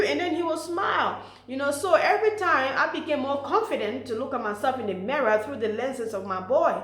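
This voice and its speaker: A woman with a fairly high voice talks earnestly and warmly, giving encouraging advice to mothers. She leans on "you know" and "okay" as she goes. Her voice rings with the echo of the room around her. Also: brisk, hardly any pauses. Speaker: motivational speaker for mothers. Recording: echoey room.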